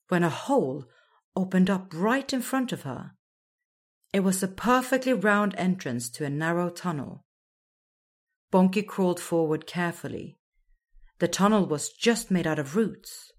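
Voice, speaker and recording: A woman narrating a children's storybook in a slow, expressive storytelling manner. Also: on the low side.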